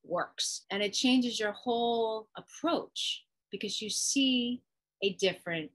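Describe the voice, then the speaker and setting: A woman hosting a channel, teaching parents a technique in an expressive way and acting out parent and child. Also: a little high, slow pace, rough recording. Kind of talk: instructional talk to camera.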